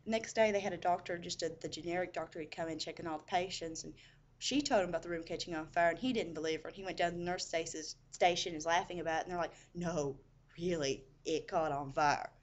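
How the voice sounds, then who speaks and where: A woman with a fairly low voice tells a story in a casual, chatty way. She drops in "you know" asides as she goes. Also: fast, dull audio.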